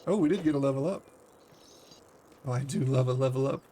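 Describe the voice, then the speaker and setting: A man's voice: medium pitch, a little fast, warm tone, a little hiss or hum. A man hosting a let's play video, giving casual game commentary with a dry, teasing manner.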